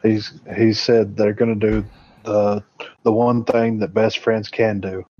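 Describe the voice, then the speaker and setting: A man's voice: on the low side, flat delivery, unhurried, a little mellow, dull audio, slight background noise. Laid-back man laughing through movie chat. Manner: laughs often, loose and profane.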